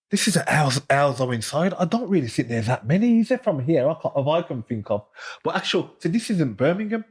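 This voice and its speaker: A man's voice: a little high, very animated, a little fast, husky. A man from the Black Country with its accent, a retired boxer chatting as a podcast guest, repeating phrases and saying "you know" often. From Smethwick, Black Country, England. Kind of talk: casual podcast chat.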